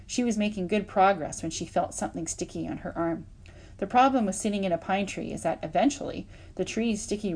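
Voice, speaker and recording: Woman reading a children's storybook aloud. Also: on the low side. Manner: expressive, lively narration with voiced sound effects. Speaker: audiobook reader.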